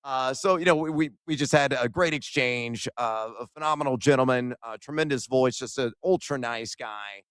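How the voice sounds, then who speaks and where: Male radio co-host, animated storyteller, dry close mic, mid-range voice. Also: medium pitch, moderate pace, hardly any pauses, smooth, no room sound. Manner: animated storyteller, acts out quoted exchanges. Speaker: sports radio co-host reporting from an event. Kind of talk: excited sports radio storytelling.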